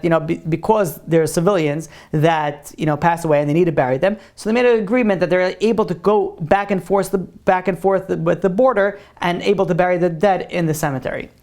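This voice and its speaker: A man's voice: on the high side, darkish tone. A male rabbi leads a religious class and answers questions from students. He talks casually, easing into a parable before drawing out its lesson. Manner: informal, conversational storyteller.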